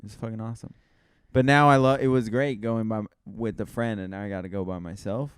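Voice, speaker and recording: A man's voice: lowish voice, fairly even intonation, brisk, clear, resonant tone, no echo, studio quality. A young man co-hosting a casual podcast chat, joking and teasing his co-host.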